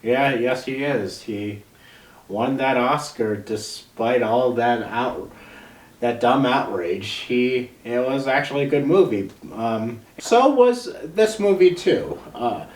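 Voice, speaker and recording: A man's voice: medium pitch, animated, takes it slowly, reverberant, recorded from a distance, low-quality recording. A man co-hosting a casual movie review podcast, hesitant, with many ums and uhs. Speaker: podcast co-host.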